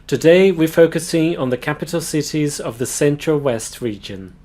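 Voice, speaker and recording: Man teaching pronunciation slowly. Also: on the high side, loud music behind the voice. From Brazil. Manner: slow, careful demonstration of words. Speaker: language teacher. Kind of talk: pronunciation lesson.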